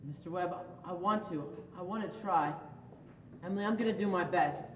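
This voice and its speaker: Student as an anxious young groom, earnest pleading, mid pitch, reverberant stage, distant mic. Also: a little fast, background noise, lightly acted. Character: nervous young groom, a teenage boy. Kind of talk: school stage play acting. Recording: echoey hall, far-off mic, music.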